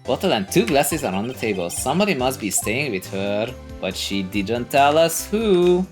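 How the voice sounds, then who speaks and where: A woman's voice: extremely low pitch, sing-song, moderate pace, a little mellow, faint music behind. A woman voicing an earnest young male defense lawyer in a plain reading voice.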